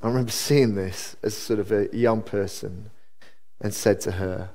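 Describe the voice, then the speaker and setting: A man's voice: fairly low pitch, normal speed. Earnest man preaching. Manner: earnest, conversational preaching with restarts and lively rises. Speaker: pastor. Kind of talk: sermon. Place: church.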